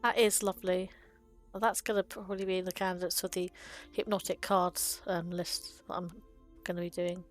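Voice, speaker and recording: A woman's voice: lowish voice, flat delivery, moderate pace, faint music behind. A woman hosting a video about card game art, talking casually and fondly with frequent ums and little laughs. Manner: chatty and fond, with frequent ums and small laughs.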